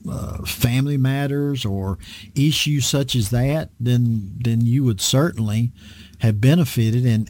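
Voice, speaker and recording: A male preacher giving an earnest, unhurried sermon-style talk on a program, with frequent fillers and restarts. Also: medium pitch, darkish tone, dry recording.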